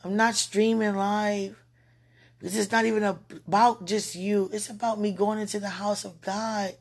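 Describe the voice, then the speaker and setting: A woman's voice: medium pitch, level tone, a little slow. A tipsy woman rambling casually to her viewers, giggling and interrupting herself as she talks. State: tipsy from wine. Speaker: live streamer.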